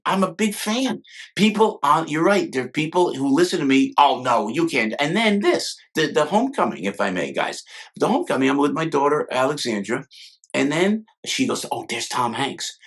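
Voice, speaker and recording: An older man, a guest, telling stories in an animated way and acting out quotes, with many quick restarts. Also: medium pitch, vocal fry, breathy edge. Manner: talks fast with many restarts and acted-out quotes. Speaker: guest, former sketch comedy cast member. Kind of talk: animated storytelling with impressions.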